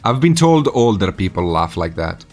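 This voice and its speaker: A man in his forties hosting a casual live stream, animated and teasing, laughing often. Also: deep voice, normal speed, soft background music. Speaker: streaming host.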